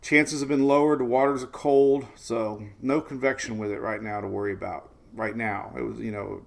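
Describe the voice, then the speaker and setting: Chatty gravelly-voiced man hosting weather. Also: medium pitch, steady tone, normal speed. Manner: chatty, rambling, laughs often, greets viewers. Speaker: weather show host. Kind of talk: casual live weather stream chat.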